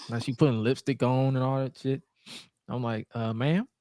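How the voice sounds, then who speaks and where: The voice is a man of ordinary pitch, laid-back and loose as he recaps old wrestling shows for a podcast. He jokes and swears freely, with the sound close and dry. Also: little pitch movement, moderate pace, dark tone, dry recording. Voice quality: laid-back, profane, joking. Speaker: podcast co-host. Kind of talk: casual wrestling recap chat.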